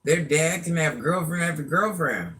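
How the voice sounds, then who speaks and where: A woman's voice: deep voice, animated, moderate pace, a bit bright. A woman in her fifties hosting a casual livestream chat, a chatty storyteller who laughs at herself as she talks to her viewers. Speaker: livestream host.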